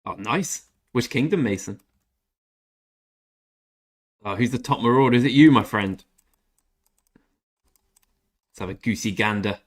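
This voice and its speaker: A man's voice: mid-range voice, measured pace, pauses often. A young British man streaming a game, chatting casually with viewers by name and giving blunt opinions with mild swearing. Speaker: gaming streamer. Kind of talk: casual livestream chat while playing.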